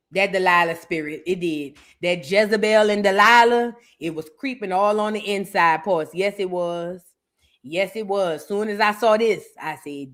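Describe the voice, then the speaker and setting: Bright-voiced, animated woman commentator. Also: mid-range voice. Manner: animated, playful, dramatic, breaks into singing. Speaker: host of a reaction show. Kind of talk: casual commentary.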